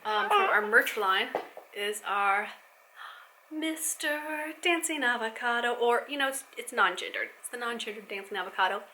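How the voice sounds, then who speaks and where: A woman's voice: medium pitch, a little fast, pushed and bright, slight background noise. A woman vlogging from home as a mother, chatting casually and affectionately while folding laundry.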